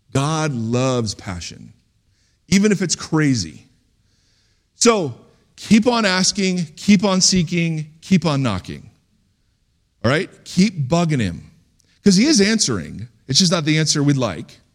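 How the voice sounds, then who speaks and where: A man delivering a sermon in a church, his voice sitting a little higher than most men's. His pitch swings widely as he preaches, talking conversationally and then breaking into sudden loud outbursts. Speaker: pastor.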